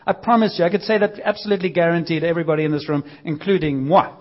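A man preaching a sermon in a church service, with a conversational, energetic delivery and lively quoted voices. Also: fairly high pitch, racing. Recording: dull lo-fi sound.

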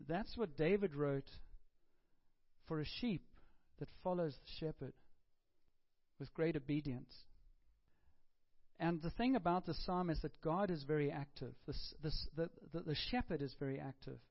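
A male preacher gives a sermon in a relaxed, conversational way, stumbling and repeating words as he goes. His voice sits a little high for a man. The recording is muffled and lo-fi. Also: moderate pace, long pauses.

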